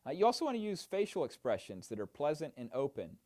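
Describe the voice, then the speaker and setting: A man giving an instructional talk on mentoring techniques, explaining steps clearly with frequent "uh" fillers. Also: fairly high pitch, wildly swooping pitch, quick pace, a little mellow. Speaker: mentor trainer. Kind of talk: instructional narration.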